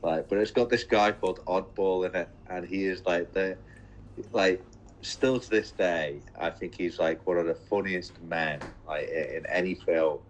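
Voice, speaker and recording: A man's voice: low voice, unhurried, a little hiss or hum, rough recording. Rambling young man, casual chat. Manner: rambling, heavy use of "like".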